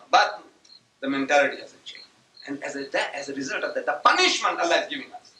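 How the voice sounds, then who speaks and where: A man's voice: fairly high pitch, bright, forceful tone, a little hiss or hum. A man whose first language is Gujarati, giving a religious lecture with rhetorical questions and sudden emphatic outbursts. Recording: echoey hall taped from a distance.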